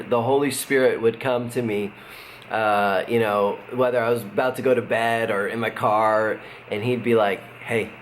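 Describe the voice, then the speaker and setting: A middle-aged man, a pastor, giving a casual devotional talk in a relaxed, conversational way, with fillers and chuckles. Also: medium pitch. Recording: faint background noise.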